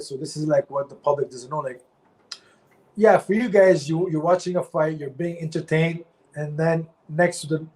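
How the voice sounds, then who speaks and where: Male ex-fighter guest, blunt and profane, slightly high voice, repeats himself when angry. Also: a little mellow, poor audio. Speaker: former pro fighter, guest. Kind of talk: candid interview talk.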